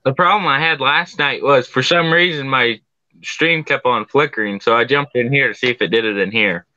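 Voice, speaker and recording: A man chatting on a live stream in a halting way, trailing off mid-sentence. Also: mid-range voice, bright, forceful tone, no room sound. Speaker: guest. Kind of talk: casual live-stream chat. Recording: dull, dry lo-fi audio.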